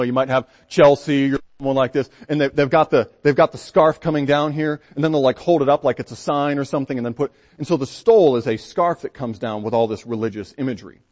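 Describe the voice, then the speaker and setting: A Baptist pastor, a man, telling a story from the pulpit in a folksy, conversational way with frequent restarts. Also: mid-range voice. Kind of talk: storytelling sermon.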